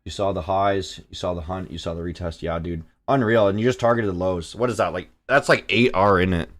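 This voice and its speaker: Low-voiced profane Canadian streamer. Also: male voice, brisk. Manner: profane, excitable, reads chat aloud. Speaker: livestream trading host. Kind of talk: casual live commentary.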